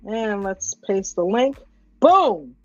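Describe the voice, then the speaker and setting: A woman's voice: medium pitch, big pitch swings, slow, a little mellow, no echo, faint music behind. A woman hosting a casual live stream, upbeat and greeting viewers one by one. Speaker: livestream host. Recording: dull, lo-fi stream audio.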